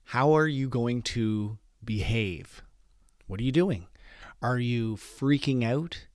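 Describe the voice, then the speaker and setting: A man's voice: mid-range voice, slow pace, dry recording, studio quality. A man hosting a solo podcast, talking earnestly to listeners and asking them many rhetorical questions. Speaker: podcast host.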